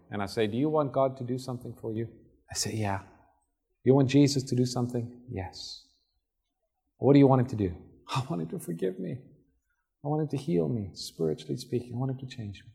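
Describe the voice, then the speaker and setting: A man's voice: medium pitch, fairly quick, gravelly, warm tone, slightly rough. A man preaching a sermon in a conversational manner, acting out Bible scenes as he tells them.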